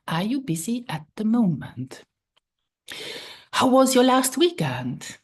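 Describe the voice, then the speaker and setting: A woman teaching a language lesson, repeating phrases slowly and checking in with the learner. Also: lowish voice, lively intonation, husky.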